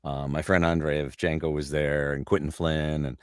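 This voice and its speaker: A middle-aged voice actor in a casual interview, rambling through stories and laughing often, heard over a video call. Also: male voice, very deep voice, level tone, moderate pace, clear, resonant tone, no echo, clean studio sound. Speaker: voice actor guest.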